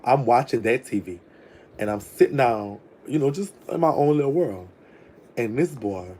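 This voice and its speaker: A man tells a personal story to camera in a loose, campy manner, swearing freely. His voice is mellow and warm, and a faint noise sits under it. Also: fairly low pitch, rough recording. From Louisiana. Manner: chatty, profane, campy, calls listeners "girl". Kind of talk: casual storytime chat.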